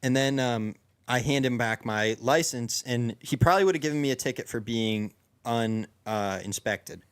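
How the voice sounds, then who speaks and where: A young man tells a long story to his friends in a loose, rambling way, circling back with fillers and restarts. His voice sits in an ordinary middle pitch, and the delivery feels casual and chatty. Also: moderate pace, clear, resonant tone. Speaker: podcast co-host.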